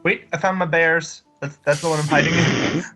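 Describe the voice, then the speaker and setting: A man's voice: on the high side, steady tone, moderate pace, pushed and bright, soft background music. A man playing a tabletop game, playful and giggly. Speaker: player. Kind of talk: casual tabletop game chat.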